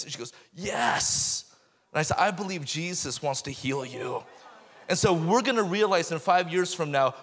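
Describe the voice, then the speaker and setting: A man telling a lively testimony story on a ministry panel, laughing and raising his voice at the punchlines. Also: on the high side, big-room sound, slight background noise.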